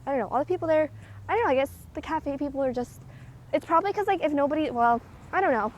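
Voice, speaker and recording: A young woman chatters away in a high, quick voice, rambling from one thought to the next with plenty of fillers. She's walking outdoors and a little out of breath, with faint street noise behind her. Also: low-quality recording. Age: young adult. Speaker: vlogger. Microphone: handheld recording device with clip mic.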